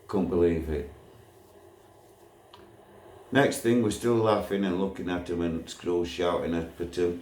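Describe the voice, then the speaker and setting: A man's voice: low voice, unhurried, long pauses, darkish tone. A man telling a blunt, swear-filled story from his past in a casual, storytelling way. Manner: blunt, swears freely, laughs at his own memories. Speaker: former prisoner recounting a riot. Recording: echoey room, faint background noise.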